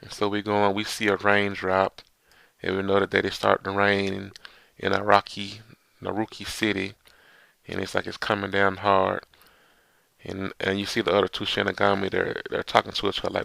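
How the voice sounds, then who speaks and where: A man with a low, gravelly voice recaps a manga chapter in a loose, stop-start ramble. He reads the characters' lines aloud in his own flat voice. The sound is dry and close. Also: normal speed, no echo. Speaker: manga reviewer. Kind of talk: casual manga chapter review, reading panels aloud.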